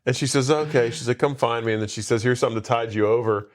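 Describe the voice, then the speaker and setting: A man's voice: mid-range voice, fast talker. A man casually retelling a movie plot on a podcast, rambling with many asides and quoted lines. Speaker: podcast co-host. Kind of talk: casual movie recap chat.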